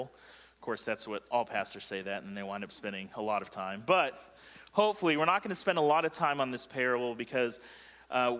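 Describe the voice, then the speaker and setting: A man's voice: medium pitch, a bit bright, long reverb tail. A male pastor preaching a sermon in a joking way, quizzing the congregation as he goes. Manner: joking, asks the congregation questions. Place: church sanctuary.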